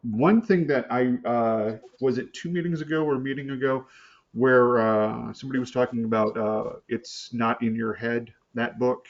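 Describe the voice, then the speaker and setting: A man's voice: mid-range voice, fairly even intonation, normal speed. Hesitant man on a muffled video call. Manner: hesitant, many fillers and restarts. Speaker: support group member. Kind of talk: casual chat on a video call. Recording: slightly muffled call audio.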